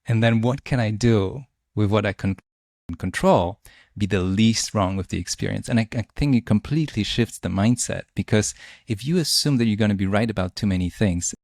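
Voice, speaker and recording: A man's voice: lowish voice, normal speed, a little mellow, no room sound. A man hosting a podcast interview, talking reflectively and thinking aloud as he shares his views. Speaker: podcast host. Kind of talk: conversational interview.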